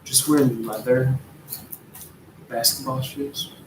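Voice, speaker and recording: A man's voice: mid-range voice, steady tone, slow, echoey room, noisy background. A man giving a casual, rambling tarot reading, laid-back and drifting from topic to topic. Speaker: tarot reader.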